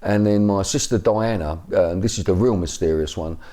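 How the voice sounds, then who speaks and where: Deep-voiced Cockney man in his fifties. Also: fairly quick, mellow. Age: 50s. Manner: rambling, many fillers and restarts. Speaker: interview guest. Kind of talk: personal account in an interview.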